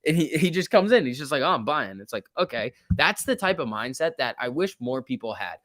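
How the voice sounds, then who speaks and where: Young man, stock livestream host, casual and excitable, dry close sound. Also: medium pitch, fairly quick, dry recording. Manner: chatty, reads chat messages aloud, jumpy and excitable.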